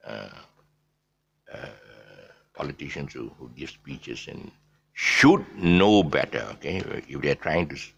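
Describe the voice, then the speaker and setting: A middle-aged man, giving an off-the-cuff pronunciation lesson, repeating each word many times and drifting into soft asides. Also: extremely low pitch, creaky, husky. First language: Eurasian family speaking English as mother tongue. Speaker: English pronunciation teacher.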